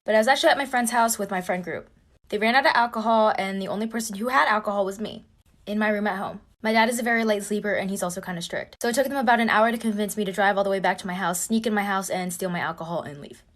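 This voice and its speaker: A woman's voice: mid-range voice, quick pace, fairly bright tone. A young woman telling a personal story in a casual, breathless and dramatic way.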